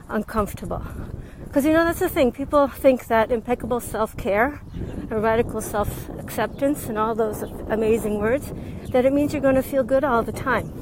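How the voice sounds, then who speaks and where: A woman's voice: fairly high pitch, moderate pace. Woman life coach, casual vlog, winded from walking, earbud mic, faint outdoor noise. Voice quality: slightly out of breath. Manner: chatty and frank, laughs often. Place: outdoors on a windy street. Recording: wind and faint traffic noise.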